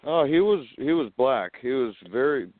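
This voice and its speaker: A man co-hosting a casual talk show, easygoing and quick to laugh along. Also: medium pitch, lively intonation, no room sound. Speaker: co-host. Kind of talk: casual chat. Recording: dry phone-like line.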